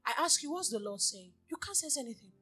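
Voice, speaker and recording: A woman preaching a sermon, telling stories and moving from hushed, near-whispered talk to loud exhortation. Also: on the high side, big pitch swings, fast, slightly rough, faint music behind.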